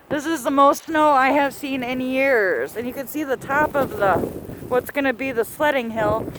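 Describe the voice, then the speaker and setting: A woman's voice: high voice, a little slow, pauses often, fairly bright tone, a little hiss or hum. A woman narrating a home video diary on her phone outdoors in a snowstorm, chatty and a little out of breath, laughing now and then. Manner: chatty, laughs often, talks to pets. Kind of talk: casual handheld narration. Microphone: phone held in hand.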